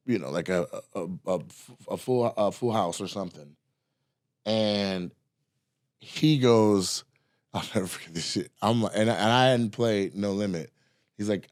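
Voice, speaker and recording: A man's voice: on the low side, a little slow, long pauses, no echo, clean studio sound. A man hosting a casual podcast, telling stories with lots of acted-out voices of other people. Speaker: podcast host, comedian. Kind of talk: casual storytelling chat.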